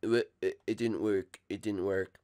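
A man's voice: lowish voice, fairly even intonation, measured pace, warm tone, voice pushed down, lightly acted. A man voicing a panicky, mischievous ten-year-old cartoon boy in a fan role-play over gameplay, whiny and stammering. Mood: fretful. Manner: whiny and frantic, wailing and stammering.

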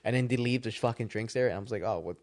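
A man co-hosting a podcast, telling a story in casual, animated chat full of swearing and "dude". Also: mid-range voice, racing. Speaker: podcast co-host.

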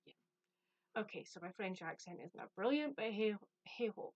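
A woman's voice: fairly high pitch, expressive, normal speed, dry recording, highs cut off. A woman from the UK chatting casually about a book she received, rambling and self-deprecating. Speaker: book vlogger. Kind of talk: casual chat.

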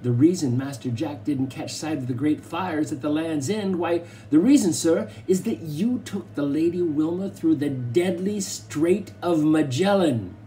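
Casting: man as a courteous, exact butler, mellow voice. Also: fairly high pitch, a little slow, few pauses, slight background noise, pitched above the performer's own voice, close to an everyday voice. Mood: formal. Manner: polite, precise. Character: formal, clever male butler.

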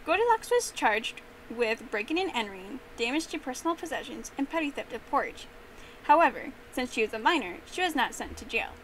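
A young woman telling a memorized story with expressive, animated narration. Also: high-pitched, brisk, slight background noise, low-quality recording. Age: young adult.

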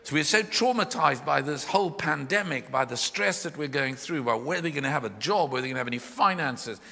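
A man preaching a live sermon in a church, expressive and full of questions to his listeners. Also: a little high, a little fast, gravelly. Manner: expressive, questioning, voices the Bible figures in his retelling. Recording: hall reverb from a live church.

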